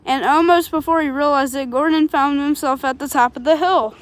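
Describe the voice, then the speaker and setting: A woman's voice: high-pitched, a little fast. A woman reading a children's storybook aloud in a plain, unpolished way, with small slips along the way.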